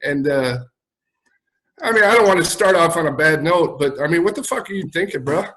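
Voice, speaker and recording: A man's voice: fairly high pitch, expressive, brisk, a bit bright, rough recording. A man with a Chicago accent, a guest on a podcast, talking bluntly and swearing freely in casual chat. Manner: blunt, profane.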